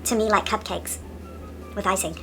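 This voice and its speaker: A woman's voice: medium pitch, steady tone, normal speed, a bit bright, faint music behind. A woman hosting a casual get-ready-with-me makeup vlog, playful and giggly with jokey asides. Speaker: beauty vlogger host.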